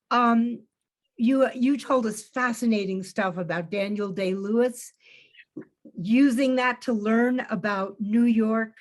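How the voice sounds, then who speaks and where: A woman co-hosting a video call conversation, enthusiastic and effusive. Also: high-pitched. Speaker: co-host.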